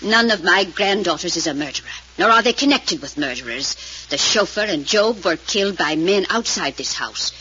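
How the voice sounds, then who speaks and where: A woman's voice: fairly low pitch, normal speed, breathy edge, exaggerated voice. A woman playing a stern elderly grandmother who heads a proud family, in 1940s radio acting. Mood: imperious. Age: older. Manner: imperious, flatly dismissive. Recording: dull old radio recording.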